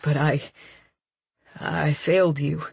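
A woman voicing a gentle young man who speaks softly and haltingly, full of quiet guilt. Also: fairly even intonation, vocal fry, breathy edge, dry recording, full character voice. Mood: remorseful. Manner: soft, halting, low-key.

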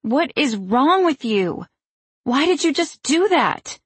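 A rebellious young daughter, put on by a woman narrator, indignant and sharp-tongued. Her voice sits higher than the narrator's and carries a husky grain. The delivery stays close and dry, as if read in a small quiet booth. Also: expressive, unhurried, no room sound. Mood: defiant. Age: young adult.

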